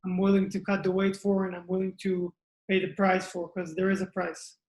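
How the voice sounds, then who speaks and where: Flat-voiced man in an echoey room. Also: high voice, a little fast. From Israel. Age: 20s. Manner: plainspoken, thinks aloud in short phrases. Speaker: mixed martial arts fighter. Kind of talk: interview answers.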